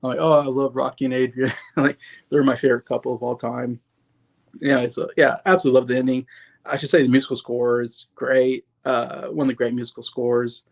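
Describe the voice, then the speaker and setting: A man's voice: medium pitch, little pitch movement, a little fast, creaky. A man in his thirties talking casually about favorite films, rambling with lots of "like" and "you know" and gushing with enthusiasm. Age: 30s. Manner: enthusiastic, openly sentimental. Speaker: movie reviewer. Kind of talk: casual movie commentary.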